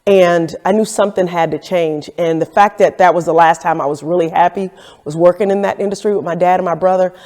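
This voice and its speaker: A businesswoman tells the story of how she got started in a candid documentary interview, acting out the quoted dialogue as she reflects. Her voice is fairly low, a little mellow and brisk, with fairly even intonation. The room is echoey, with a long reverb tail.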